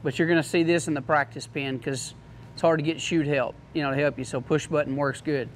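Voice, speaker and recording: A man's voice: a little high, fairly even intonation, brisk, slight background noise. A man giving a casual, joking product demo to a class, in a folksy manner. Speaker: product demonstrator.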